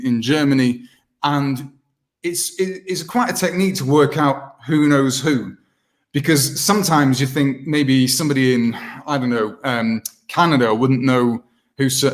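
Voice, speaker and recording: A man chatting on a video call, an impressionist who keeps slipping into voices. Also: medium pitch. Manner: chatty, animated, slips into impressions. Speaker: impressionist guest.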